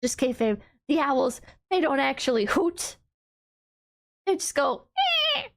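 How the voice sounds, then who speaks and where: A woman's voice: unhurried, creaky. Bubbly, gushing woman streamer. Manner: bubbly, gushing, full of "like" and restarts; swoops high when excited. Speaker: VTuber streamer. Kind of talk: casual livestream chat.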